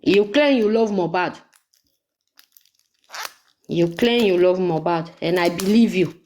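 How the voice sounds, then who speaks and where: A woman's voice: fairly low pitch, slow pace, darkish tone, a little hiss or hum. A woman ranting angrily in a vlog, scolding someone with repeated insults and accusations. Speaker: vlogger. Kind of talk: angry live vlog rant.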